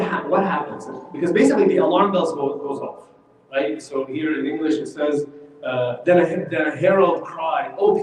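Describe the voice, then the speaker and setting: A man teaching a religious lesson in a mosque hall, animated and quizzing his class, heard from far off. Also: fairly high pitch, slight background noise. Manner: animated, asks the class questions.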